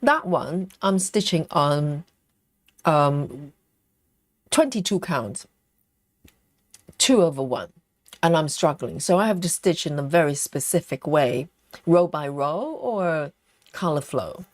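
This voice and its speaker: Woman, livestream host, slow easygoing chat, slightly low voice, dry close sound. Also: animated, no room sound. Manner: unhurried, thinking aloud with many ums. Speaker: cross-stitch livestream host. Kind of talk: casual livestream chat reading comments.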